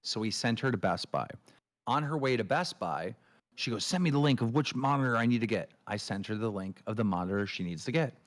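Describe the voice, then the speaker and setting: A man hosting a livestream, telling a long story in a ranting, swearing way and mimicking others in shrill voices. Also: animated, brisk. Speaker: show host. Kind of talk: casual livestream chat.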